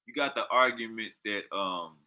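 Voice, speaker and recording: A man's voice: on the low side, normal speed, bright, forceful tone. A man, reacting to a video in heated, profane, repetitive commentary. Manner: heated, profane, slangy, repeats himself. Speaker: reaction streamer.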